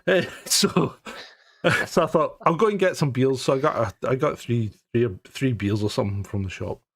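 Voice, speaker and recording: A man's voice: mid-range voice, moderate pace, a bit bright, husky. A middle-aged Scottish man co-hosting a live stream, chatting casually, joking, laughing often and swearing freely. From Scotland. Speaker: co-host.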